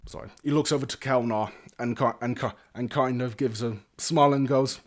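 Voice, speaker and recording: A man's voice: mid-range voice, steady tone, fairly quick, hardly any pauses. A man acting as game master who narrates a tabletop game casually, with many restarts. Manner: casual, with restarts and hedging fillers.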